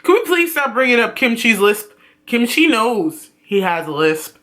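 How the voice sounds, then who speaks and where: A man giving a blunt, profane, animated ranting review on his vlog. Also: very high-pitched, moderate pace. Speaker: YouTube reviewer.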